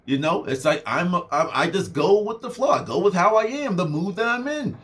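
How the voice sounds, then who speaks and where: A young man giving a casual motivational talk, animated and conversational, full of fillers, swinging his voice up and down for effect. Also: high-pitched, moderate pace. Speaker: motivational speaker.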